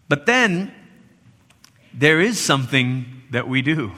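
A man delivers a sermon to his church, his voice high and ringing bright. He repeats key words with emphasis and sometimes drops almost to a whisper. A long reverb trails each phrase through the church. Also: lively intonation, measured pace. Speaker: pastor.

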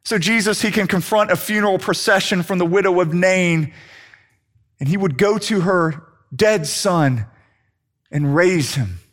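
High-voiced male preacher, dramatic pauses. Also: fairly bright tone. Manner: dramatic, slows down and drops low for emphasis. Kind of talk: sermon.

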